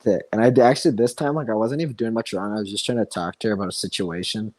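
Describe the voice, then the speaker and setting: A man's voice: on the low side, rapid-fire, a little mellow, no echo, rough recording. A man co-hosting a casual podcast, rambling through anecdotes with many fillers and casual swearing. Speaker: podcast co-host. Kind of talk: casual chat.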